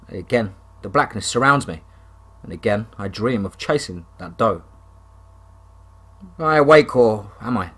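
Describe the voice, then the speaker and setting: A man reading a first-person horror story aloud, dramatic and rising to shouts. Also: mid-range voice, animated, moderate pace.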